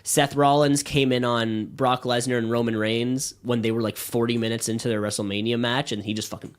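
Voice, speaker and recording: A man co-hosting a podcast in a studio, chatting casually in an excitable, rambling way, with lots of fillers and swearing. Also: medium pitch, a little fast, smooth. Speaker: podcast co-host.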